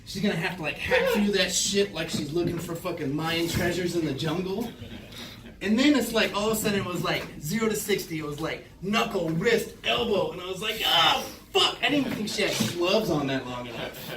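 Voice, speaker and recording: A male stand-up comedian telling a crude, profane story, acting out his own reactions in loud bursts. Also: high-pitched, lively intonation, brisk, roomy sound, far from the mic, background noise. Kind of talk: stand-up set. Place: small comedy club stage. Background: audience laughter.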